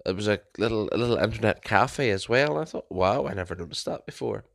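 A young man hosts his own podcast solo, his voice sitting a little low. He chats casually and rambles through stories, often restarting and correcting himself mid-sentence. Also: animated, fast, creaky, fairly bright tone. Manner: chatty storyteller, frequent restarts and self-corrections. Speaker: podcast host.

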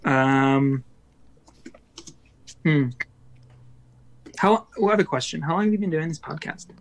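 A man's voice: a little high, a little slow, a little hiss or hum. A young adult man, a musician guest on a podcast, chatting casually and rambling with many fillers and restarts.

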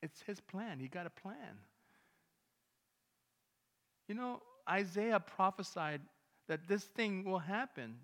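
Storytelling pastor with a high voice in a reverberant church. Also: male voice, animated, takes it slowly, pauses often, fairly bright tone. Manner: conversational storytelling, acts out dialogue. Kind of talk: sermon. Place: church sanctuary. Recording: long hall reverb.

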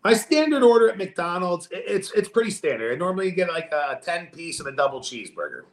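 Man, podcast co-host, casual chat, profane animated storytelling, high lively voice, echoey room. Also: quick pace.

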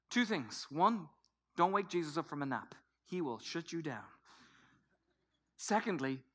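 Bright-voiced pastor man, dramatic whispers. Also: a little high, big pitch swings, unhurried, long pauses. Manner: dramatic, swings between soft whispers and loud emphatic bursts. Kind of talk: sermon.

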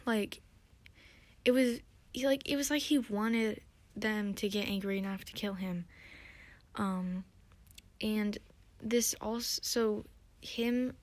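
Young woman podcaster, rambly and excited, lots of likes and ums. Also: medium pitch, slow pace, pauses often, no room sound. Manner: chatty, excitable, many fillers. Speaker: podcast host. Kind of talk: casual recap and theorizing.

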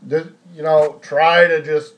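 A man's voice: a little high, flat delivery, measured pace. A man co-hosting a sports podcast, chatting casually and ranting with plenty of swearing. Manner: profane, ranting, sarcastic. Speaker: podcast co-host.

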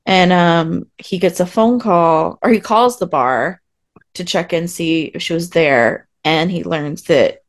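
A woman's voice: fairly low pitch, a little slow. A woman co-hosting a podcast, recapping a TV episode in casual chat with sarcastic asides. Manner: animated, sarcastic asides, acts out quotes. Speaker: podcast co-host.

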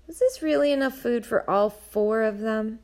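A woman narrating an audiobook in a measured storytelling manner. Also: a little high, a little mellow.

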